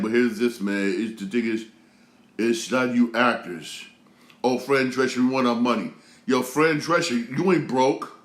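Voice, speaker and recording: A man in his thirties rants as the host of his own talk show, his voice heated and full of slang, circling back over the same phrases. He speaks at a middle pitch, and the room around him rings with a noticeable echo. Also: fairly bright tone. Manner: repetitive, heated, slangy, many restarts. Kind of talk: casual rant commentary.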